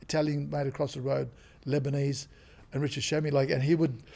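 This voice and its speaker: An Australian man, a comedian and actor, chatting as a podcast guest and telling animated stories. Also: mid-range voice, brisk, vocal fry. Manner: animated storyteller who acts out quotes. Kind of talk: casual interview chat.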